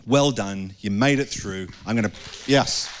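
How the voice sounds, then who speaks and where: A middle-aged man preaching a sermon in an earnest, conversational way, with some passages dropping into soft, hushed prayer. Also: lowish voice, a little slow, slight background noise. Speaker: pastor.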